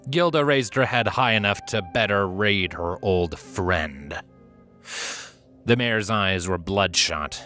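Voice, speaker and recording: Deep-voiced guy reading fanfic aloud, crisp bright tone, little bit of music in the back. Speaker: narrator and reader. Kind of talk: fanfiction audiobook narration.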